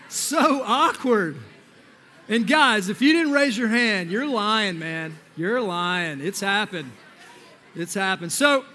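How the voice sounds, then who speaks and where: Bright high-voiced man giving a youth sermon. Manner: energetic, joking, talks to the crowd. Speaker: youth pastor.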